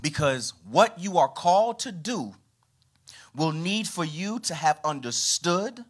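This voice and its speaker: Animated man preaching a sermon. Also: takes it slowly, slightly rough. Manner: animated preaching with sweeping pitch and volume. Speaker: pastor. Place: church.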